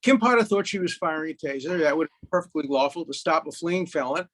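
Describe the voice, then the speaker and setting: A man in his eighties from Brooklyn, a guest telling jokes and stories in a lively, punchy way. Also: on the high side, quick pace. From Brooklyn, USA. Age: 80s. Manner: lively raconteur, punchy delivery. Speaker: guest, lawyer. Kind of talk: animated storytelling, joke-telling chat.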